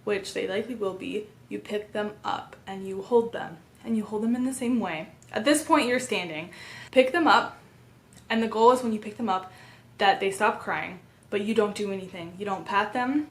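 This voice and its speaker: A woman in her thirties calmly explaining a baby sleep method, earnest and step by step. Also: mid-range voice, normal speed. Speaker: parenting educator. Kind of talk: instructional talk to camera.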